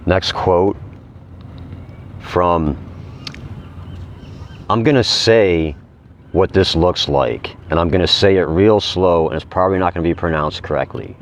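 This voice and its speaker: Man, deep voice, reading quotes aloud, casual asides, slow emphatic repeats, faint background noise. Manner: slow, emphatic repetition of key phrases. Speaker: vlogger.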